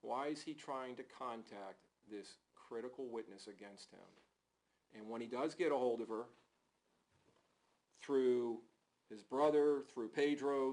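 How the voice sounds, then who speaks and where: A man's voice: medium pitch, a little mellow, low-quality recording. A male prosecutor delivering a closing argument in a courtroom, pressing the jury with emphatic rhetorical questions.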